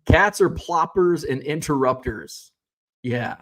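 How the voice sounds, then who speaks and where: A man in his thirties hosting a casual livestream, reading viewer comments aloud and chatting in a relaxed, rambling way, with lots of fillers and restarts, a little tired. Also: a little high, takes it slowly. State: yawning, tired. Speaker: card-collecting livestream host.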